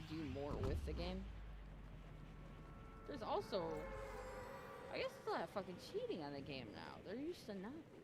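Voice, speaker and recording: A woman's voice: fairly low pitch, background noise. A woman streamer casually telling a story to her viewers, rambling with lots of "like" and plenty of swearing, acting out both sides of conversations. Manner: rambling, full of "like" and frequent swearing; retells chats by voicing both sides. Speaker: game streamer.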